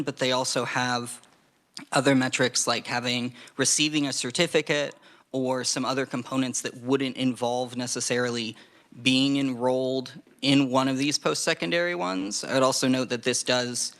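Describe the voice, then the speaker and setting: A man presenting testimony to a legislative committee, measured and hedging, with frequent fillers. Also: medium pitch, a bit bright.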